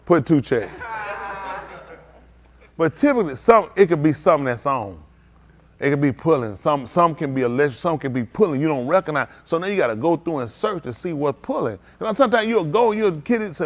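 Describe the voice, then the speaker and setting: A man delivers a sermon at a synagogue service in a conversational, folksy style. His voice sits a bit on the high side, and he talks straight to the congregation with questions. He breaks into sudden loud bursts to press his points. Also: animated, a little fast. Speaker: preacher. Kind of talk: live-streamed sermon.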